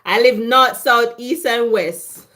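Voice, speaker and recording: A woman chats through a live cooking stream from her home kitchen. She speaks slowly in a slightly high voice. She teases her viewers, and a camera on a tripod picks her up. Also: fairly bright tone. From London. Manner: teasing banter with viewers. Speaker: cooking vlogger.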